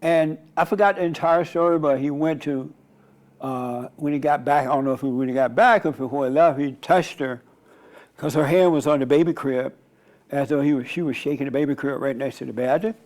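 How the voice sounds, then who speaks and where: Male preacher, slightly high voice, conversational sermon, rambling storytelling. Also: a little fast, a little mellow. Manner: rambling, storytelling, frequent restarts. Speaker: pastor and radio host.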